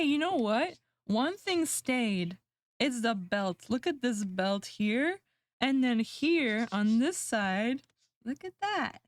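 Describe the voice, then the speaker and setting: A woman's voice: a little high, dry recording. A woman streamer chatting casually with her viewers, laughing often and mocking herself. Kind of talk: casual livestream chat.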